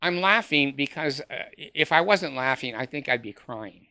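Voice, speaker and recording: A man talks in a sarcastic, mocking monologue, his voice very bright and edgy. He scoffs with short laughs and trips over "uh" and restarts. The sound is dry and close, with no room around it. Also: fairly high pitch, lively intonation, moderate pace, no room sound. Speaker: former church member ranting to camera.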